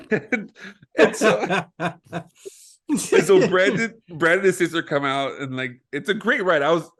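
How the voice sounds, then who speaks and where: A young man with a fairly high voice tells a story on a casual podcast. He talks in an animated way, laughs, swears freely and pokes fun at himself. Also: a little slow. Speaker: podcast co-host.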